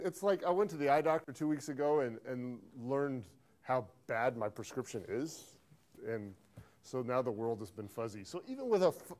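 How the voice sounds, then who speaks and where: Lively male teacher lecturing a class. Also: a little high. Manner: animated, asks the class questions and drills a phrase. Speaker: accounting instructor. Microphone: filmed by a videographer in class.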